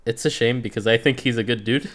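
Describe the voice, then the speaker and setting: A man co-hosting a casual review podcast, telling stories in a relaxed way and laughing often. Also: medium pitch, fast. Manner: laid-back storytelling, acts out quotes, laughs often. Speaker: podcast co-host reviewing a reality show. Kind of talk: casual chat.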